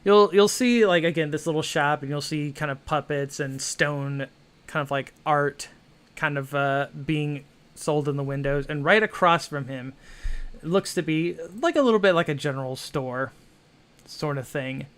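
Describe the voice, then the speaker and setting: Bright-voiced man rambling as game master. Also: fairly high pitch, normal speed, clean tone. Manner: rambling, filler-heavy, with many restarts. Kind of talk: narrating a tabletop game.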